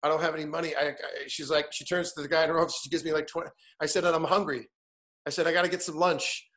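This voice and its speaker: A man's voice: fairly high pitch, flat delivery, very fast, a bit bright. A man in his fifties, a guest in casual conversation, telling an anecdote animatedly and acting out the other people in it. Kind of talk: casual storytelling chat.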